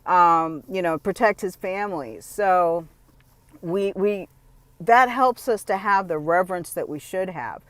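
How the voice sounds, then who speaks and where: A woman's voice: fairly low pitch, dry recording. A woman talking to camera in a casual, opinionated monologue, blunt and emphatic, often restarting her sentences. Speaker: vlogger.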